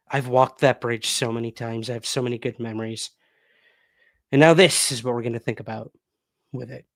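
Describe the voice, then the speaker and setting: A man's voice: medium pitch, no echo, clean studio sound. A man hosting a casual livestream, chatting loosely and reading out viewer comments. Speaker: livestream host.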